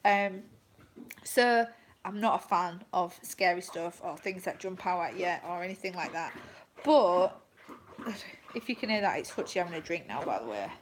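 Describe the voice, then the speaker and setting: A woman's voice: on the low side, animated, moderate pace, a little hiss or hum, rough recording. A woman, a vlogging mother, chatting on a casual livestream and rambling through stories with many fillers. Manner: rambling, filler-heavy storytelling with laughter.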